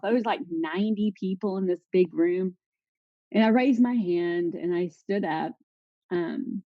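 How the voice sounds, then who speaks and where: A woman's voice: on the low side, measured pace, no echo, lo-fi sound. A middle-aged woman telling her own recovery story to an audience, candid and emotional. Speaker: recovery speaker. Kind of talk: personal testimony talk.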